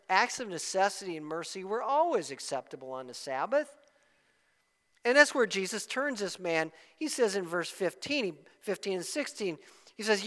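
Man, pastor preaching, bright voice, emphatic, shifts from soft to loud, long hall reverb. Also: high voice. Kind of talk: sermon.

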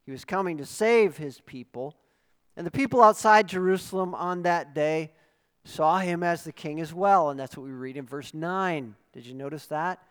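Pastor preaching in a reverberant hall. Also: male voice, on the high side, clear, resonant tone. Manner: earnest teaching, rising to emphatic exclamations. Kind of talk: sermon.

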